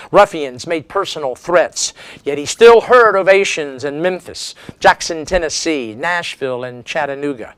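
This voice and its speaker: A man's voice: on the high side, a bit bright, smooth, no room sound. A man giving a history lecture as a seminar speaker, telling it as a dramatic story with strong emphasis.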